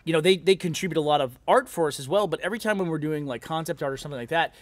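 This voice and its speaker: A man with a slightly raised pitch hosts a live stream, talking loosely and laughing often. His voice sits close and dry, with no room sound. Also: rapid-fire, no room sound. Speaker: livestream host. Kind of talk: casual live stream chat.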